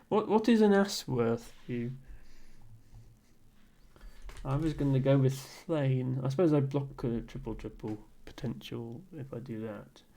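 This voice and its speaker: A man streams a word game and chats casually with his viewers, dry and amused, thinking aloud with soft chuckles and ums. His voice sits at a medium pitch and moves at a normal speed.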